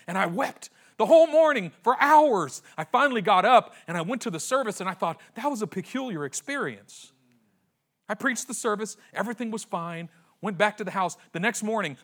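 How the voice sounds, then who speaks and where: A man in his forties preaching a sermon as pastor, impassioned and repetitive, swinging between hushed and loud. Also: high voice, lively intonation, brisk. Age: 40s. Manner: repeats phrases for emphasis.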